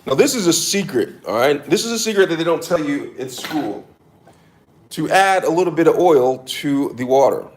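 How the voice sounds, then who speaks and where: A man's voice: a little high, animated, moderate pace, a little hiss or hum. A man doing a casual cooking demo in his kitchen, hamming it up with mock-serious tips and repeated catchphrases. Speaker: cooking vlogger. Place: home kitchen.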